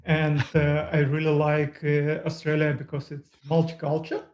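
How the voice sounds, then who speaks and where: A non-native man with a noticeable accent talks slowly as a podcast guest, pausing often and filling gaps. His delivery stays flat and fairly high for a man. The room around him is echoey. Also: slight background noise. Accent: Eastern European. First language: not English. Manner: hesitant, many pauses and fillers. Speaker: podcast guest, user group leader. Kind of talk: casual chat.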